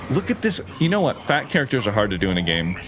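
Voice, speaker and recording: Excitable male gaming streamer. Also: medium pitch, background noise. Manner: excitable and chatty, laughs often, reads chat aloud; swears casually, lots of "like". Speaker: gaming live-streamer and animator. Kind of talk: casual live-stream chat.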